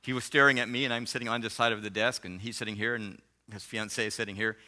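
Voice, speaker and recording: A man speaking at a marriage seminar, telling a story in an animated way and often laughing. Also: lowish voice, fast. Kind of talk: storytelling sermon.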